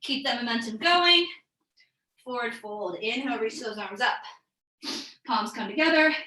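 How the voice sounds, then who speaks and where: Female yoga instructor, bright upbeat cueing, a little breathless, echoey room. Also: a little high, expressive, normal speed. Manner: upbeat, encouraging, calls out breaths and poses. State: a bit out of breath. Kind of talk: live online yoga class cues.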